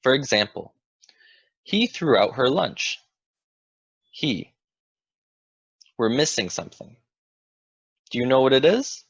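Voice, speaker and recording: A man's voice: medium pitch, sing-song, slow, vocal fry, pauses often, husky, no room sound, lo-fi sound. A man teaching an English grammar lesson, explaining patiently and asking the viewer questions.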